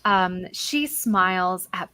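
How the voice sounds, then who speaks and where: A woman's voice: lowish voice, animated, slow pace, pushed and bright, clean tone, no echo. A woman narrating as dungeon master in a casual, chatty way with plenty of fillers. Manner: chatty, lots of fillers and likes. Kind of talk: narrating a tabletop game.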